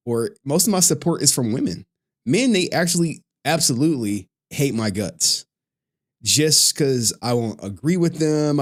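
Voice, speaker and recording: A man chatting casually on a live stream, loose and profane, laughing often and reading out chat messages. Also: medium pitch.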